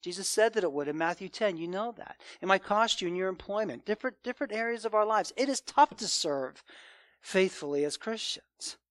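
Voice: medium pitch, animated, fairly quick, a bit bright, dry recording. A preacher giving a Sunday morning sermon in an emphatic, conversational way.

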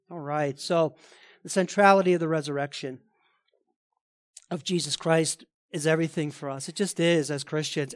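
A man's voice: fairly high pitch, steady tone, normal speed. A man preaching a sermon as pastor of a church, reading scripture and then preaching emphatically. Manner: emphatic preaching with rising intensity; quiet reverent prayer.

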